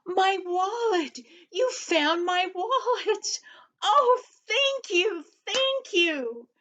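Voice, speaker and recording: A grandmother doing a high, gushing little old lady. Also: unhurried. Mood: overjoyed. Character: thankful little old lady, poor and kind. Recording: dull lo-fi recording.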